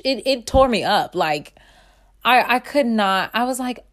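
A woman's voice: fairly high pitch, lively intonation, a little slow. Earnest, rambling young woman in her twenties. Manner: earnest, rambling, many fillers and restarts; emotional, swings between bright and hushed. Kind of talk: personal reflective monologue.

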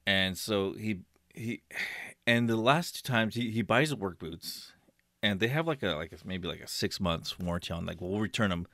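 A man casually telling a story on a podcast, full of fillers, acting out a yelling customer. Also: fairly low pitch, moderate pace, no echo, studio quality. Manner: animated, many fillers, acts out a shouting customer.

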